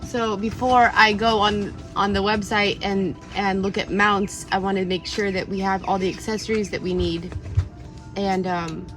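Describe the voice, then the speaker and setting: A woman's voice: mid-range voice, flat delivery, moderate pace, a bit bright. A woman vlogger chats straight to the camera from in and around her truck outdoors. She talks in a casual, emotional way, with frequent laughs and gasps. Faint music plays underneath. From California. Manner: chatty and emotional, laughing and gasping often. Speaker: vlogger living out of her vehicle. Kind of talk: casual vlog talk to camera.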